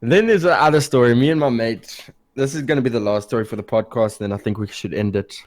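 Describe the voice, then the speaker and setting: A young man co-hosting a podcast, telling stories in a casual, animated way and swearing freely. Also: mid-range voice, fast, no echo. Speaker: podcast co-host. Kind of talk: casual storytelling.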